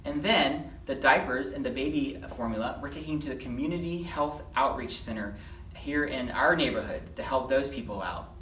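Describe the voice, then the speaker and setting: A lively storyteller leads a children's Bible lesson and gives the characters their own voices. The voice sits at a middle pitch. It sounds roomy, caught from a distance with faint background noise. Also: normal speed. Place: church. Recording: echoey room, mic at a distance.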